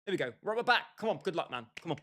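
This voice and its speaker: A young gaming livestreamer with a fairly high, bright, forceful voice streams a football game, talking rapid-fire with big pitch swings. He banters jokily with his chat and calls viewers by name. A little hiss or hum is audible.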